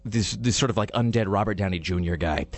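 A man's voice: low voice, fast talker. A man hosting a podcast, rambling sarcastically in casual chat about a TV show. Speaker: podcast host reviewing TV.

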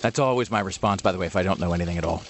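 A man hosting a radio talk show, joking in quick, wry banter. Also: deep voice, noisy background. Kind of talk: casual comedic banter.

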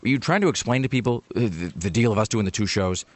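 A man's voice: on the low side, fast talker, dry recording. A man hosting a radio talk show, chatting casually and rambling through stories with many restarts. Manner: rambling, self-interrupting, animated storytelling.

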